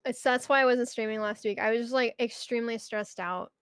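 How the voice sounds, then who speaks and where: A woman's voice: on the high side, fairly even intonation, a little fast, a bit bright, smooth, no echo, studio quality. A young woman streamer chatting casually and ranting about her job, swearing often and breaking into mock outbursts. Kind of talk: casual chat.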